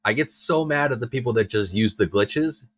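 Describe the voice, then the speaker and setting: A man's voice: mid-range voice, normal speed, no echo. A man co-hosting a podcast in casual chat, joking and swearing, often acting out quoted voices. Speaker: podcast co-host.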